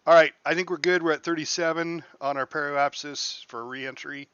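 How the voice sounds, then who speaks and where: A man's voice: on the high side, fairly even intonation, moderate pace, a bit bright, smooth, dry recording, highs cut off. A man streaming a space game, explaining each step to his viewers as he plays. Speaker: gaming streamer. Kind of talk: live game commentary.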